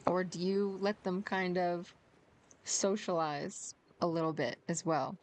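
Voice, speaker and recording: A woman's voice: lowish voice, unhurried, slight background noise. A young woman streamer chatting casually and giggly with her viewers, reading and answering their comments. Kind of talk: casual chat.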